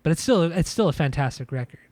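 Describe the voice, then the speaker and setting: A man co-hosting a podcast, giving a casual album review in halting speech full of restarts and fillers. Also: fairly high pitch, expressive, a little mellow, dry recording. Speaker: podcast co-host. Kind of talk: casual music review chat.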